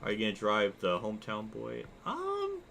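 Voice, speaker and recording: A young man streaming a racing game, chatting casually and reacting excitedly while reading his chat. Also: on the low side, moderate pace, slight background noise. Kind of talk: live gameplay commentary.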